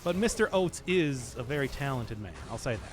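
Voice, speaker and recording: A man's voice: medium pitch, animated, moderate pace, music in the background. A man streaming a video game, chatting in a jokey, rambling way with his viewers. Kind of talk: casual gaming stream chat.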